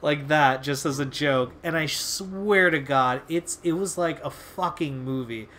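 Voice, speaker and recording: A man's voice: fairly high pitch, measured pace, bright, forceful tone, a little hiss or hum. A young man hosting a video, telling a casual story in a rambling, laid-back way with lots of fillers and swearing. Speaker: video host.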